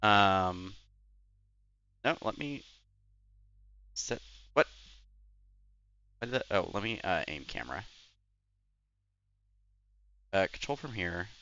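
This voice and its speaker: Young male streamer who chats and rambles. Bright, crisp voice with a lively lilt. Dry, lo-fi mic. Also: low-pitched, slow, pauses often. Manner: rambling and chatty, full of "like" and "anyways". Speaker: Twitch streamer. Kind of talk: casual live-stream chat while gaming.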